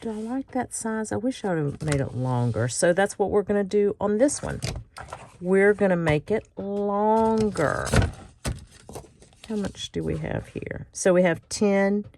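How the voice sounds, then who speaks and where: A woman's voice: mid-range voice, unhurried, gravelly, darkish tone, slight background noise. A middle-aged woman hosting a casual crafting tutorial, chatty and self-mocking and often laughing. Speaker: craft channel host.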